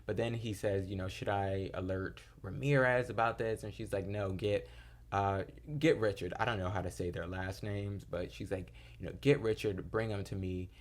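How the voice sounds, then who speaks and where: A young man with a fairly low voice talks through a TV episode in a loose, chatty recap. He rambles, piles on fillers, and slips into quoted lines as he retells scenes. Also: steady tone, moderate pace. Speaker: TV episode reviewer. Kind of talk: casual recap chat.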